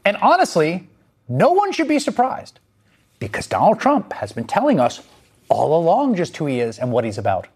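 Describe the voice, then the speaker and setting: A man's voice: fairly high pitch, huge pitch swings, moderate pace, slightly rough. A man hosting a news show, delivering scripted political commentary in a sardonic, emphatic way.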